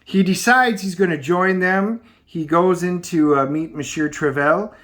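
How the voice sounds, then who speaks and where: A man's voice: sits high, normal speed, fairly bright tone. A man, casually recapping a comic book issue and rambling with lots of ums as he reads and comments. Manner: rambling, with many filler ums.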